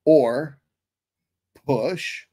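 This middle-aged bodybuilding coach delivers a blunt, profane fitness lecture without a script, speaking quickly. His voice is a little high and warm, with a breathy edge.

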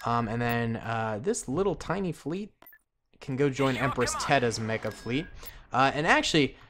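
A man hosting a gaming channel, giving casual commentary on a strategy game and reacting out loud to the action as he plans. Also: mid-range voice, normal speed, noisy background. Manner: excitable, reacts aloud to the action, casual slang; thinks aloud with fillers while planning.

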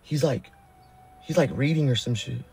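A man's voice: mid-range voice, normal speed, creaky, darkish tone, slight background noise. A young man from the Sacramento area, talking to his live-stream chat in slang. He sounds nervous, and he keeps swearing oaths. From Sacramento area, California. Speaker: prank video maker streaming live.

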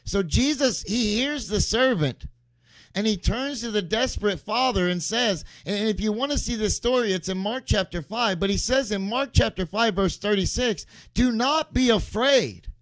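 A man's voice: high-pitched, moderate pace, no room sound. A man preaching a sermon as pastor, emphatic and repeating key phrases for stress.

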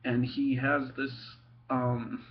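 A man's voice: mid-range voice, level tone, muffled recording. Giggly young man telling family stories. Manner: giggly, laughs through his stories; halting, many ums and restarts. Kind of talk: casual storytelling to camera.

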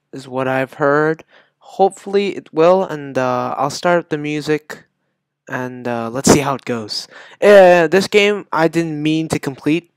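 Male gamer commentator, slow delivery, explosive screaming, foul-mouthed, dry close sound. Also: fairly high pitch, smooth, no echo. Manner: swings from muttering to shrieking outbursts; swears often. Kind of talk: gameplay commentary.

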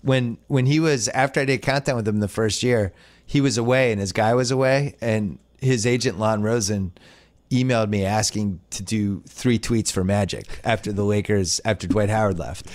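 A man's voice: lowish voice, moderate pace, a little mellow. A man hosting a casual sports podcast, reading listener mail with wry storytelling. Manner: wry, storytelling, puts on voices when quoting people. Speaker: podcast host.

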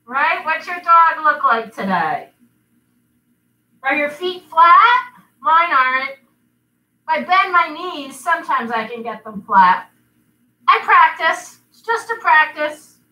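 A woman's voice: high voice, lively intonation, slow, long pauses, bright, forceful tone. A woman leading a children's yoga class, playful and teasing as she guides each pose. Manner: playful, teasing with silly animal sounds. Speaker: kids' yoga instructor. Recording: echoey room, voice from a distance.

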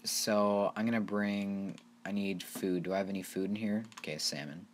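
A man hosting his own gaming channel, giving casual, rambling gameplay commentary and getting excited over small wins. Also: fairly low pitch, normal speed, slight background noise. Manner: rambling, easily excited, talks to viewers as "you guys".

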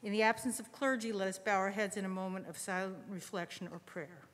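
A woman presiding over a legislative session in a measured, formal manner. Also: medium pitch, steady tone, slight background noise. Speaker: presiding officer. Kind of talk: formal parliamentary procedure. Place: large legislative chamber. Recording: long reverb of a large chamber.

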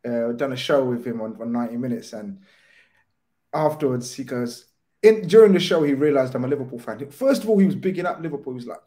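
A man's voice: medium pitch, fast, dark tone. A man, a guest in a casual football chat, telling stories animatedly and swearing freely.

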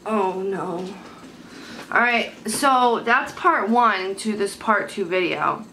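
A woman's voice: medium pitch, lively intonation, slow, sharp tone. Young woman, beauty vlog chat, rambling, blunt, home camera mic, background hiss. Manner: chatty and rambling, blunt and swears when annoyed. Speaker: beauty vlogger. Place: at home, indoors. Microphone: handheld camera mic. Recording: noisy home camera recording.

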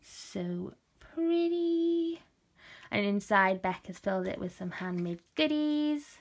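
A woman's voice: mid-range voice, expressive, moderate pace. A woman chatting casually as she unboxes craft mail, gasping and gushing with delight. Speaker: craft vlogger.

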